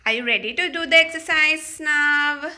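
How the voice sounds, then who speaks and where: A woman teaching phonics to young children, repeating each sound and word slowly and patiently, with small slips and restarts. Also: sits high, background noise. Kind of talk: slow, sing-song phonics lesson for young children.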